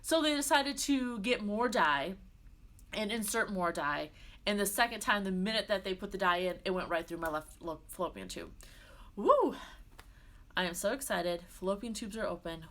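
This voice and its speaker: A young woman vlogging, retelling a personal experience in a chatty, animated way, often saying "like" and laughing. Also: medium pitch, normal speed. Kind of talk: casual personal vlog storytelling.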